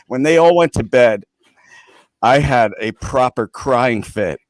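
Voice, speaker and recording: A man from the United States telling an emotional personal story on a tribute stream, earnest and halting. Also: mid-range voice, expressive, no room sound.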